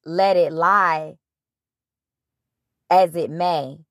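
A woman's voice: lowish voice, extremely slow, no room sound, clean studio sound. A woman hosting a casual spiritual monologue, blunt and profane, retelling scripture. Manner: animated, blunt, profane, retelling scripture in her own words. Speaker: podcast host.

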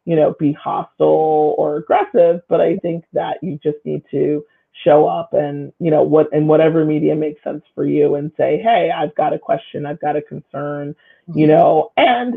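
A woman's voice: deep voice, steady tone, normal speed, creaky, husky. A woman guest talking through community issues in a thoughtful, searching way, with plenty of fillers and restarts. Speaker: guest, local official and school staff. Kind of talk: casual conversation. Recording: phone-line quality.

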